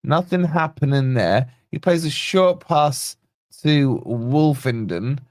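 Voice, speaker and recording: A man hosting a live football watch-along, calling the play and greeting viewers by name in a chatty, excitable way. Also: on the high side, takes it slowly, no echo, studio quality. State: yawning, tired. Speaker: fan channel host.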